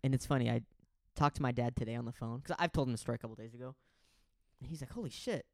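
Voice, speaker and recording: A man's voice: medium pitch, steady tone, rapid-fire, gravelly, dry recording. A man co-hosting a podcast in casual chat, telling a rambling story and acting out the voices of the people in it. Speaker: podcast co-host.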